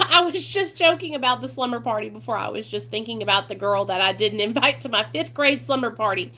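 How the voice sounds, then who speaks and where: A woman's voice: on the high side, fast, bright, forceful tone. A woman hosting a recovery channel, talking casually and encouragingly to her viewers with lots of fillers. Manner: chatty and encouraging, many fillers, calls viewers "you guys" and "y'all".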